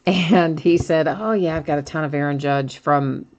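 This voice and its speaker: Low-voiced woman chatting through card breaks. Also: moderate pace, darkish tone. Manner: chatty, thinks aloud, frequent laughs. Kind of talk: live card break chat.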